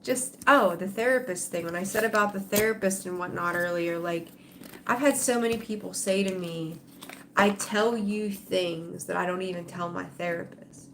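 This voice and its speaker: A middle-aged tarot livestream host talks with viewers in a lowish, slightly bright voice at a moderate pace. The casual chat is emotional and meandering, full of fillers and restarts, against slight background noise.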